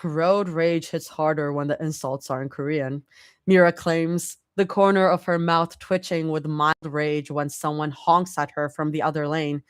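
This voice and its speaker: Brief: young woman, lowish voice, dry close sound, casual live reading with reactions. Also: flat delivery, measured pace, clear, resonant tone, dry recording. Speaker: fanfic reader.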